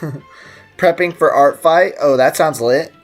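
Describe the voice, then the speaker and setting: A man's voice: a little high, a little slow, soft background music. A man streaming a game, chatting casually and jokingly, reading messages from his chat aloud.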